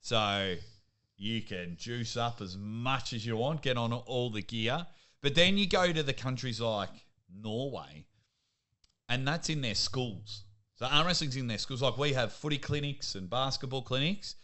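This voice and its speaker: A young Australian man, a sports commentator, chatting casually as a podcast guest and telling lively stories. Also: mid-range voice, a little slow. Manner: lively storyteller, laughs at himself. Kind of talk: casual interview chat.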